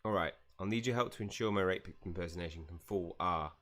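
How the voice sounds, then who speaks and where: A man's voice: low voice, fast, a bit bright. A man streaming a game live, chatting casually, reading game dialogue aloud and laughing often. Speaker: gaming streamer. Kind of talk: live gameplay commentary.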